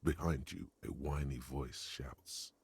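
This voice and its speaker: An actor voicing a grim male game narrator, speaking low and ominous with a deep husky voice. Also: fairly even intonation, takes it slowly, heavily acted.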